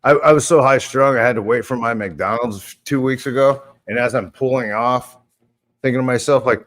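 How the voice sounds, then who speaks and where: A man's voice: mid-range voice, moderate pace, fairly bright tone. A man in his forties telling a heated, profane story in casual podcast chat. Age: 40s. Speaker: former podcast host.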